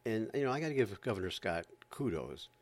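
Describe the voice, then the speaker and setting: A man's voice: lowish voice, big pitch swings, fairly quick. A man from Florida doing a sarcastic, exasperated stand-up rant. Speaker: comedian.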